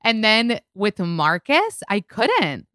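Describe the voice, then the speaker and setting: A woman's voice: medium pitch, wildly swooping pitch, slow pace, sharp tone, no room sound, studio quality. A woman hosting a podcast, asking questions with enthusiastic, gushing fan energy. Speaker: podcast host. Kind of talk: casual podcast interview.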